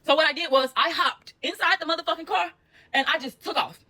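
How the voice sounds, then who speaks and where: A woman telling a personal story in a blunt, profane, animated way, addressing her viewers directly. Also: high voice, a little fast. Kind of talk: casual storytime monologue.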